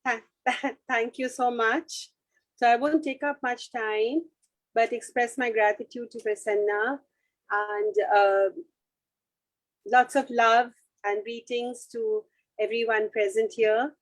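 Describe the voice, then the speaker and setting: A woman's voice: a little high, fairly even intonation, slow pace, dry recording, rough recording. A woman poet on a video call, gracious and apologetic before reading her poems. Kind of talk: casual introduction before reading.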